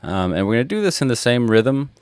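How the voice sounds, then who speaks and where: A man's voice: medium pitch, very animated, fast talker. A man teaching a guitar lesson, patiently explaining and counting rhythms aloud as he plays. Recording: loud guitar playing behind the voice.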